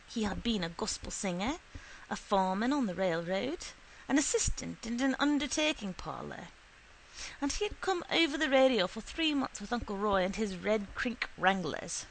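A woman reading a short story aloud in a steady, unhurried storytelling manner. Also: mid-range voice, gravelly, slight background noise, rough recording. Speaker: reader.

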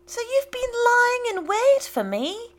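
A woman voicing a desperate young man who answers in high, strained cries. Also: wildly swooping pitch, takes it slowly, heavily acted. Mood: defiant.

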